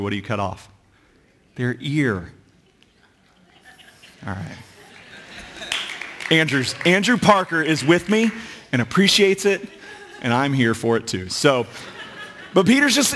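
A man's voice: mid-range voice, lively intonation, moderate pace, long pauses, a bit bright, a little hiss or hum. A man preaches in a loose, conversational way, with asides and jokes. His voice sits mid-range, and a long reverb trails after it. It sounds like a big church hall. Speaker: pastor. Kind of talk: sermon.

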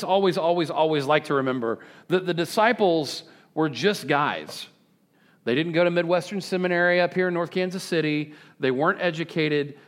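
A man preaching a sermon to a congregation, animated and joking, prompting the people to answer back. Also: a little high. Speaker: pastor. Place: church service with congregation.

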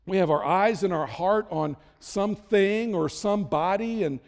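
Man, middle-aged pastor, sermon, high voice, self-deprecating humor, big reverberant hall. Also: moderate pace.

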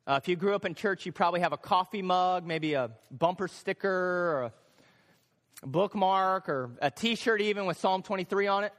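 Guy preaching in a big echoey church, high voice, really animated, repeats stuff for punch. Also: normal speed. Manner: animated, acts out voices of a cat and dog, repeats phrases for emphasis. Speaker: pastor. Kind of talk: sermon. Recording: long hall reverb.

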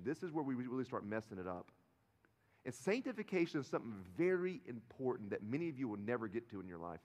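A middle-aged man preaching a sermon as pastor, telling stories with feeling and acting out the voices of the people in them. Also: on the high side. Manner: animated storytelling, acting out quoted voices. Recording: long reverb of a large hall.

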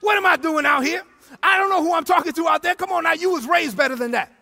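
Pastor, male, high bright voice with gravelly edges, shouting, sing-song sermon delivery. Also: quick pace. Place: church sanctuary.

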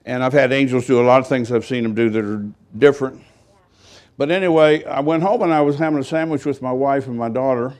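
A man's voice: mid-range voice, fairly even intonation, a little fast, darkish tone. An older man, a pastor, telling a story in a rambling, folksy sermon with self-deprecating humor.

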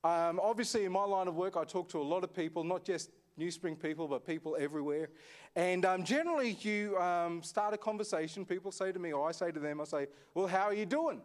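A man's voice: high voice, fairly quick. A man, a senior pastor, preaching a sermon in a conversational way, often asking the congregation questions. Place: echoey church hall.

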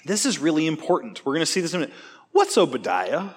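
A man's voice: fairly high pitch, breathy edge. A man teaching a Bible study class, asking the class questions and cracking jokes between points. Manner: animated, joking, quick asides, questions to the class.

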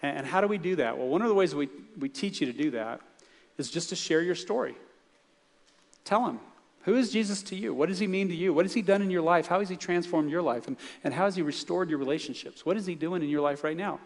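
A man from Texas preaching a sermon in a conversational, animated way, with frequent restarts. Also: fairly high pitch, quick pace, vocal fry, big-room sound. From Texas, United States. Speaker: pastor. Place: church sanctuary.

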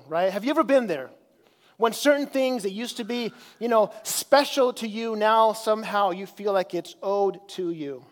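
High-voiced pastor preaching in a reverberant hall. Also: male voice, moderate pace. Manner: conversational, chatty, many fillers and restarts. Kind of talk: casual sermon. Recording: long church hall reverb.

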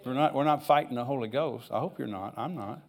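An older pastor preaches a sermon in church, his mid-range voice moving at a quick pace. He reads scripture aloud and rambles into personal asides in an easygoing, conversational manner.

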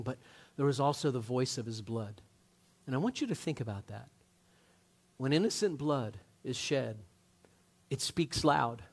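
Higher-voiced man preaching conversationally. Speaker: pastor. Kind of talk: sermon.

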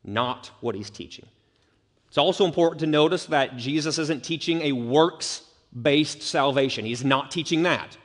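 A man's voice: fairly high pitch, normal speed. A man preaching a sermon as pastor, earnest and building to emphatic urgency. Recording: long reverb of a church hall.

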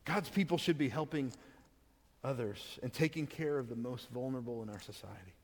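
A man's voice: mid-range voice, fairly quick. A man preaching a sermon, reading scripture aloud and then explaining it in plain conversational words. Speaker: pastor. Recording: long hall reverb.

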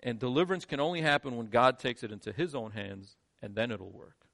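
A male pastor preaching a sermon, shifting between quiet, low lines and emphatic, rising ones. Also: fairly quick, gravelly.

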